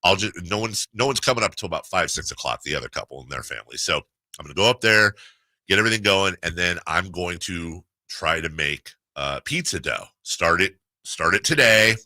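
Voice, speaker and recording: A man's voice: sits low, expressive, fairly quick, sharp tone, dry recording. A middle-aged man hosting a sports radio show, rambling and laughing through a casual story. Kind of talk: casual chat.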